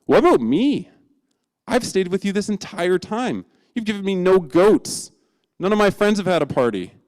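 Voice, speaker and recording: A man's voice: high voice, sing-song, normal speed, a little mellow, in a large hall, voice pushed up. A man voicing a bitter older brother who rants at his father. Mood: furious. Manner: indignant, ranting.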